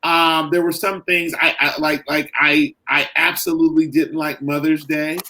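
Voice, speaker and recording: A middle-aged man, a caregiver and author, talking earnestly in a podcast interview, halting and full of "you know" and "like". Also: a little high, little pitch movement, pushed and bright, rough recording.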